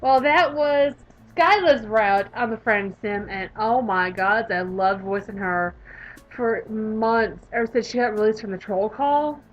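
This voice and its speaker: A young woman with a Southern US accent reads a visual novel aloud and comments on it, gushing and animated. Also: fairly high pitch, unhurried, dull audio. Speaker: gaming YouTuber.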